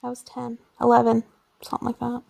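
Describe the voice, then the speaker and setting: A woman in her twenties, co-hosting a podcast, speaks at a quick pace with a fairly high voice and vocal fry. She recounts stories in casual chat, animated and dramatic, voicing what others said.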